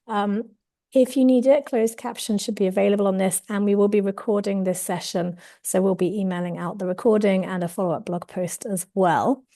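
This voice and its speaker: A woman opens a webinar over a video call, upbeat and chatty with the odd filler. Her voice is slightly husky from a recent sore throat. Her tone is mellow and dark. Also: medium pitch. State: husky from tonsillitis. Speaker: webinar host, co-CEO. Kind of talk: welcoming webinar introduction. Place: office.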